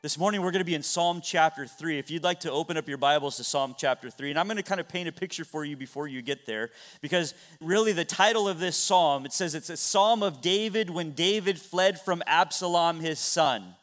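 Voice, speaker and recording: Man pastor with a high voice, dramatic storyteller, sermon delivery. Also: fairly quick, few pauses. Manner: dramatic storytelling with sudden loud and soft swings.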